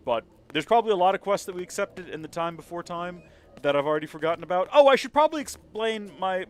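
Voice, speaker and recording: A man streaming a video game, chatting casually in a rambling, joking, self-mocking way. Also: a little high. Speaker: let's play streamer.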